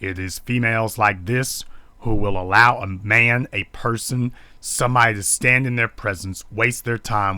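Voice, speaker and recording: A man's voice: lowish voice, fairly even intonation, normal speed, pushed and bright, no echo. A man giving live-streamed social commentary, indignant and preachy, hammering points home with repeated rhetorical questions. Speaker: online commentator.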